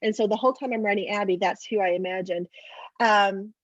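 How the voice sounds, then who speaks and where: A middle-aged woman author in a casual interview over a video call, telling stories in a chatty, animated way. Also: medium pitch, brisk, dry recording, highs cut off.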